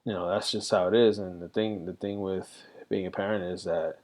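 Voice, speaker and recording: A man's voice: deep voice, fairly even intonation, moderate pace, darkish tone. A middle-aged man reflecting candidly in a rambling casual monologue, full of fillers. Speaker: vlogger.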